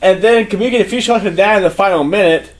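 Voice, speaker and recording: High-voiced man giving excited play-by-play. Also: fast. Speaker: podcast co-host. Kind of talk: casual podcast chat.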